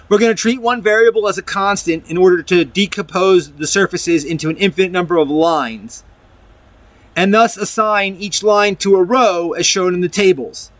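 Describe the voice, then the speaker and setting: A man with a fairly high voice walks through a math proof in a loose, conversational way, backing up and restarting his sentences as he goes. He reads from his notes and then adds comments of his own. The recording is dry and close, with no room sound. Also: fairly even intonation, normal speed, fairly bright tone, dry recording. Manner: rambling, restarts often, reads from a document and comments. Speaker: math video presenter. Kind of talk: casual explanatory math lecture.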